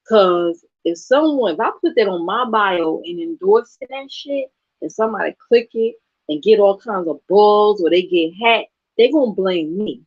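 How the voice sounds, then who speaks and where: Woman, blunt sassy rant, swings her pitch a lot, dry slightly dull sound. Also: big pitch swings, normal speed, slightly rough, no room sound. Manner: blunt, sassy, profane, laughs often. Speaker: channel host. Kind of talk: casual vlog rant.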